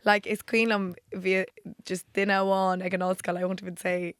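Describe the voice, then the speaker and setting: A young woman with an Irish accent co-hosts a podcast, talking in long, rambling runs and teasing the others. Her voice sits at a middling pitch. The recording is close and dry. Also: little pitch movement, normal speed, clear, resonant tone, dry recording. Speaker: podcast co-host. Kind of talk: casual chat.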